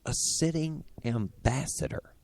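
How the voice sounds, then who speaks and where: A male talk radio host in casual, opinionated chat, swinging between sarcastic jabs and indignant outbursts. His mid-pitched voice comes through close and dry on a studio microphone. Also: unhurried, darkish tone, no echo.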